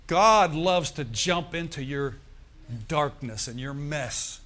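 A man's voice: on the high side, animated, slow pace, a bit bright. A middle-aged man preaching a sermon, with "amen" and "hallelujah" thrown in to the congregation. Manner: preaching with call-and-response asides. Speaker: pastor.

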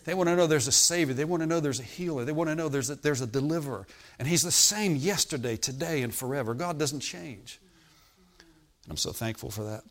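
This preacher's voice is a little high, a bit fast, and fairly bright. Speaking in a hotel meeting room, he delivers an emphatic, repetitive sermon, frequently asking his audience "Amen?"

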